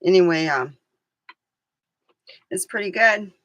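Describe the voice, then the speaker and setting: Woman, vlogger, slow talker, rambling, hesitant, chatty then calm guided relaxation. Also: fairly low pitch, dry recording, low-quality recording. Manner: rambling, hesitant, loses her train of thought. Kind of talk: casual chat and guided meditation.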